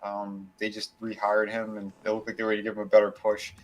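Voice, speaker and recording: A man's voice: on the low side, completely flat delivery, fast talker, a little hiss or hum, poor audio. A man co-hosting a casual wrestling podcast, telling a long story in a rambling way, with many fillers and restarts and casual swearing. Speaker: podcast co-host.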